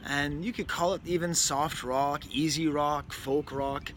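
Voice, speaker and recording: A man's voice: on the high side, fairly even intonation, unhurried, fairly bright tone. Rambling, wry man reviewing records. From New England. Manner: rambling, self-interrupting, wry asides. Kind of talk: casual spoken record review. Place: indoors near a window, with a bird outside. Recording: faint background noise.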